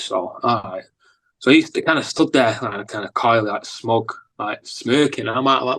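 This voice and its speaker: Northern English male musician, casual rambling storyteller, middle pitch, filler-heavy delivery. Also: moderate pace, low-quality recording. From England. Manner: rambling, animated anecdotes with lots of fillers. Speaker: musician guest.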